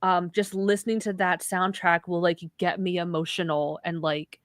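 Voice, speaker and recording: A woman's voice: fairly low pitch, little pitch movement, normal speed, no echo, studio quality. A woman co-hosting a podcast, talking earnestly and emotionally in casual chat. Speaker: podcast co-host.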